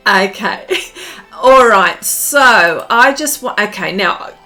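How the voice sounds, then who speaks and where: A woman's voice: mid-range voice, lively intonation, slow, pushed and bright, soft background music. An Australian woman hosting an art live stream in bubbly, casual chat, full of fillers and giggly greetings.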